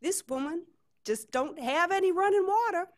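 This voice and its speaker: A woman voicing a flustered Southern woman gardener with a shrill, high voice and a Southern accent. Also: animated, normal speed. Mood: folksy lecturing.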